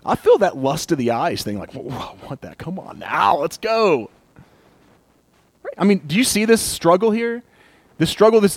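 A man's voice: fairly high pitch, no echo. A young man giving a casual sermon, laughing often and acting out inner voices. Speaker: pastor.

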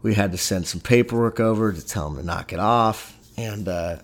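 A middle-aged man, his voice sitting a little low. He tells a story in a loose, animated way, often breaking off and restarting his sentences. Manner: animated, halting, many restarts. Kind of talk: casual storytelling.

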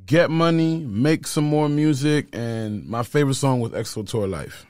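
A man's voice: medium pitch, expressive, normal speed, a little mellow, clear, resonant tone, dry recording, clean studio sound. A man co-hosting a casual gossip chat, laid-back and joking, with sarcastic asides. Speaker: co-host of celebrity gossip show.

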